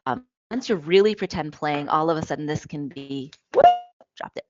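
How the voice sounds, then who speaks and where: A woman presenting on children's play in a lively, demonstrative way, often checking in with her listeners. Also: sits low, moderate pace. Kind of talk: webinar talk with toy demonstrations. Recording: dull, lo-fi, dry audio.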